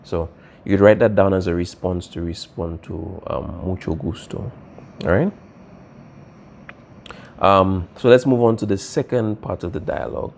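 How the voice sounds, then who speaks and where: A man's voice: sits low, normal speed, creaky, pauses often, a little mellow, a little hiss or hum. A man teaching a language class, explaining patiently and checking in with "all right?" as he goes. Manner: patient, repeats key points, asks "all right?" often. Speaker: Spanish teacher.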